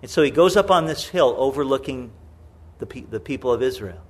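A man's voice: mid-range voice, animated, a little fast, breathy edge. A middle-aged man preaching a sermon, telling the story with humor and acting out the voices. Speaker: pastor.

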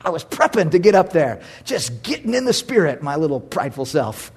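A man preaching a sermon, telling a personal story in an animated way, swinging between loud exclamations and hushed asides, laughing often. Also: a little high, brisk, husky. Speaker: pastor.

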